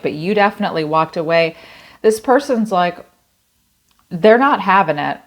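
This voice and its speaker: A woman's voice: on the low side, animated, moderate pace, pauses often. A woman giving a tarot reading in a blunt, casual way, swearing freely and thinking aloud as she talks. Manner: conversational, thinking aloud with many "like" fillers. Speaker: tarot reader.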